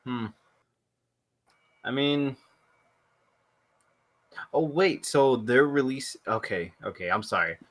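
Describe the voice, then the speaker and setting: Young guy cohosting a gaming podcast, keeps asking questions, cusses, bright edgy voice. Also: mid-range voice, lively intonation, slow pace, long pauses, no echo. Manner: questioning, blunt, profane. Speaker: podcast co-host. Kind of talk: casual chat.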